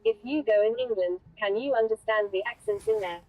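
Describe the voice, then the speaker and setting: A woman's voice: fairly high pitch, a little fast, a little mellow, no echo, rough recording. A text-to-speech woman's voice reading out viewer chat messages.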